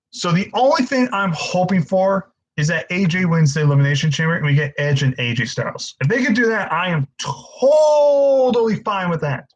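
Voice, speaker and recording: A man's voice: a little high, low-quality recording. A young man hosting a casual live-stream Q&A, frustrated and stammering, swearing often as he answers viewers.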